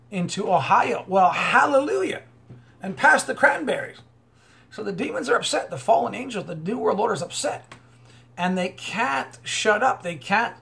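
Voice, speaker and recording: High-voiced man ranting over news. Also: vocal fry, fairly bright tone. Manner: rambling, many fillers and restarts, preachy. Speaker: online commentator. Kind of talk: unscripted commentary reading news aloud.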